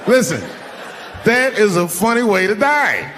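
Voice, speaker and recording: A man's voice: high voice, measured pace. A man in his fifties performing a stand-up routine to a live audience, telling stories in a conversational way and jumping suddenly into other voices. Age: 50s. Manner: conversational, animated storytelling with sudden voice shifts. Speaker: stand-up comedian. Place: large live venue with audience. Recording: live hall reverb, faint room noise.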